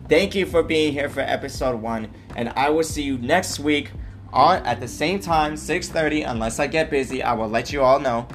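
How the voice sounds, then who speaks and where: A man hosting his own podcast, talking earnestly about his life and often checking in with "right?" and "okay?". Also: medium pitch. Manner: earnest, repeats himself, tags lines with "right?" and "okay?". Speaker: podcast host. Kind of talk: solo personal podcast monologue.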